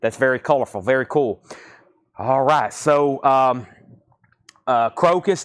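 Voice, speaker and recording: A man hosting a live online record auction, calling out titles, prices and bidders in a brisk, businesslike patter. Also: mid-range voice. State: throat a bit choked, coughing.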